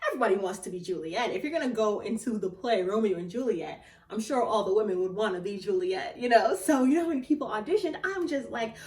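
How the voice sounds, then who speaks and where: A young woman with a fairly high voice tells a story from her life in a casual vlog. She is animated and often laughs or squeals with excitement. The room is echoey and she sits a little back from the mic. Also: fast talker, hardly any pauses, far from the mic. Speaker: theatre actor.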